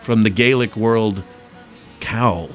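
A man's voice: on the low side, slow, faint music behind. A man hosting a podcast in casual chat, telling rambling anecdotes with lots of restarts. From Boston area. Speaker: podcast host.

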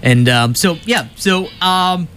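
A man's voice: high voice, lively intonation, slow, sharp tone, faint music behind. A man co-hosting a radio show, telling news and history with playful jokes and frequent laughter. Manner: laughs often, playful storytelling. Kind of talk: joking radio banter.

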